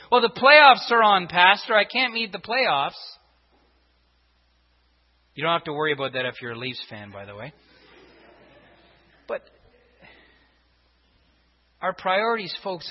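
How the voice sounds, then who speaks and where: A man's voice: sits high, husky. A man preaching a sermon to his congregation, driving his points home with repeated rhetorical questions. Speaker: pastor. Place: church sanctuary. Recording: dull reverberant church recording.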